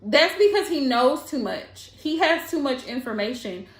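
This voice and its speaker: A woman's voice: high voice, animated, normal speed. A woman tarot reader giving blunt, emphatic advice in a casual monologue, repeating lines for effect. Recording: echoey room.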